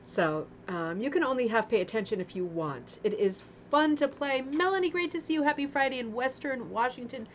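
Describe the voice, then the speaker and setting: A woman's voice: high-pitched, animated, brisk, few pauses, slight background noise. Chatty woman hosting a home livestream. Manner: chatty, greets viewers one by one. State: recovering from a sore throat. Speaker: livestream host of a craft club. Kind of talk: casual livestream chat. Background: fan running.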